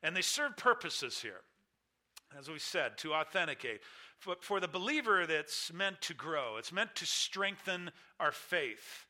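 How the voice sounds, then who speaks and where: A man's voice: on the high side, sing-song, unhurried, bright, forceful tone. A man preaching a sermon, teaching through a scripture passage with an emphatic, repetitive cadence. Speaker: pastor.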